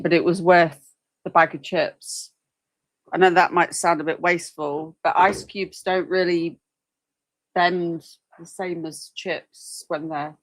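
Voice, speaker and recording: A woman's voice: low-pitched, low-quality recording. A woman hosting a livestream, chatting casually in a rambling way with apologetic asides. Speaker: livestream host commenting on a trial. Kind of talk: casual chat.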